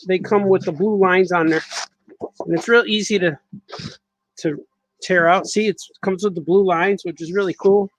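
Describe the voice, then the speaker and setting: A man's voice: high voice, dry recording, lo-fi sound. A man, a cartoonist, chatting casually on a live stream while he draws, repeating himself as he works.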